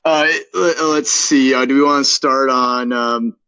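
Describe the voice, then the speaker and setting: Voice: medium pitch, fairly even intonation, measured pace, pushed and bright, smooth, no room sound, lo-fi sound. A podcast co-host chatting and reading a screenplay aloud, hesitant, with many filler sounds. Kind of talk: casual chat and reading a script aloud.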